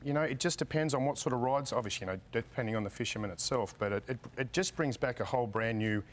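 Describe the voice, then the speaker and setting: A man, a guest describing fishing gear in a casual interview, filling his talk with "sort of" and "you know". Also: mid-range voice. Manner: fast, lots of "sort of" fillers. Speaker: product guest.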